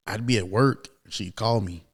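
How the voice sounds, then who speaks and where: A man in his thirties, a podcast guest, telling a personal story in a casual, animated way. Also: fairly low pitch, moderate pace, slightly rough. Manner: animated, acts out quoted voices, many fillers.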